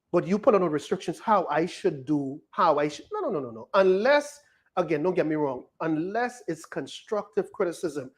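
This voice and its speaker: A Bahamian man preaches with emphatic force and keeps asking rhetorical questions. His pitch swings widely, rising and falling as he drives each point home. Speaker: pastor. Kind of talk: sermon.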